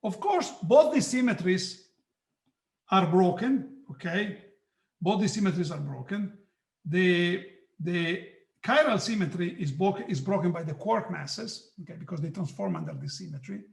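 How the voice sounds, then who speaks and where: A man giving a physics lecture online, halting, with many restarts and frequent "okay"s. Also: high-pitched, lively intonation, vocal fry, reverberant. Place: hot room.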